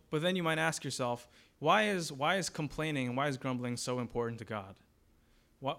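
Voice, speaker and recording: A man's voice: medium pitch, a bit bright. A man preaching a sermon as pastor, in a conversational way, asking the congregation questions and briefly acting out grumbling voices.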